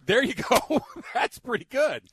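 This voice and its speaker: A man's voice: very high voice, sing-song, unhurried, a bit bright, breathy edge, no room sound. A man hosting a radio talk show, joking and laughing in casual banter. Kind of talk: casual chat.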